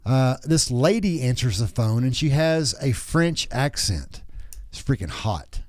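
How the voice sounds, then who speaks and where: In clean studio sound with no room echo, a Texan podcast host in his thirties or forties talks casually in a mid-range, darkish voice with big pitch swings and a slightly slow pace. His storytelling is crude, joking, and rambling.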